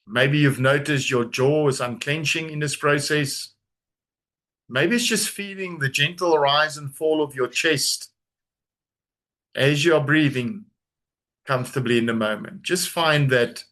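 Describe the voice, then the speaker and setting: A man leading a guided grounding exercise on a video call, giving slow, calm, soothing instructions with long pauses. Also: on the high side. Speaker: trauma coach leading a webinar.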